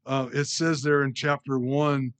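A man's voice: medium pitch, flat delivery, measured pace, fairly bright tone. A man preaching a conversational sermon as a pastor, rambling a bit, with many fillers and restarts.

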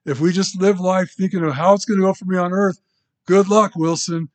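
A man preaching a sermon as pastor, in a conversational, halting way with restarts and asides, in a church. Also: high voice, fairly even intonation.

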